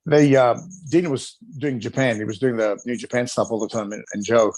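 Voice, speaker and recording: A middle-aged man, a retired wrestler, chatting as an interview guest, animated and laughing often while acting out other people's voices. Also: mid-range voice, a little fast, no room sound, low-quality recording. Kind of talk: casual storytelling interview.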